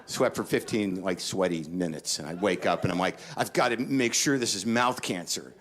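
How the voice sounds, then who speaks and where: A middle-aged man doing a stand-up comedy set, ranting neurotically and jumping into panicked high-pitched voices. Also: moderate pace, a bit bright. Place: comedy stage before a laughing audience.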